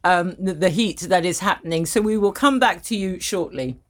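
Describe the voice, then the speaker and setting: A woman's voice: lowish voice, noisy background. A woman hosting a live radio show, playful and chatty. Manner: playful, chatty, quick to laugh. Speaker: radio host.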